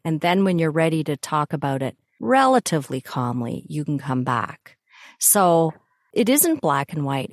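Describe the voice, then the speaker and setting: Low-voiced middle-aged woman host. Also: no room sound, clean studio sound. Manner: candid, thoughtful, self-critical. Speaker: podcast host, mother. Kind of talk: casual conversation.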